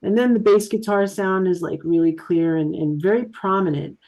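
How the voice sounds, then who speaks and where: A woman's voice: fairly low pitch, normal speed, darkish tone. A woman co-hosting a metal podcast, talking enthusiastically and often repeating words as she goes. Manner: enthusiastic with frequent word repeats. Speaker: podcast co-host. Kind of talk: casual chat.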